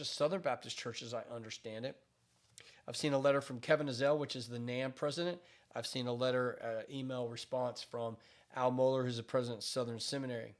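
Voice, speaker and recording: A man speaking as a pastor, giving emphatic commentary on current events with repeated phrases and frequent restarts. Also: mid-range voice.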